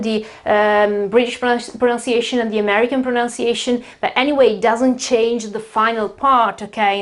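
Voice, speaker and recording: A woman with an Italian accent teaching English pronunciation, explaining patiently and repeating words slowly with many fillers. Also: on the high side. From Italy. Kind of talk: pronunciation lesson.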